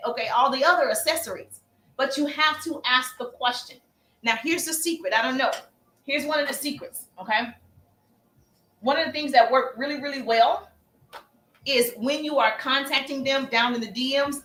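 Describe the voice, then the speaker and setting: A woman hosts a casual live stream with sales tips, her voice high and bright. She chats with viewers, calls them baby and acts out sample messages. The room gives back a noticeable echo. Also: moderate pace, a little hiss or hum. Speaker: livestream host and sales coach. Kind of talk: casual livestream coaching.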